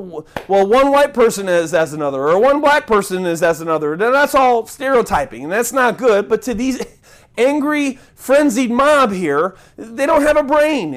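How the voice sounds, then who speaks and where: Delivering his sermon in a very high voice, a pastor stays animated and conversational, performing crowd voices and chants while frequently restarting and tossing asides to his congregation.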